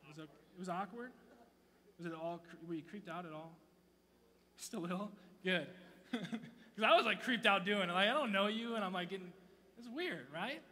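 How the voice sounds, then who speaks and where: A man in his thirties giving a sermon to a young crowd, playful and swinging from loud bursts to hushed near-whispers. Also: high-pitched, moderate pace. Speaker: youth speaker. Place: church auditorium. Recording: long hall reverb, faint hum.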